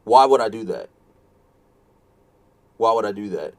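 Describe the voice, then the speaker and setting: A man's voice: on the low side, animated, a little slow, a little mellow. Profane rambling male streamer. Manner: rambling, profane, self-mocking storytelling; keeps repeating himself in exasperation. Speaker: fighting game streamer. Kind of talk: casual live-stream chat.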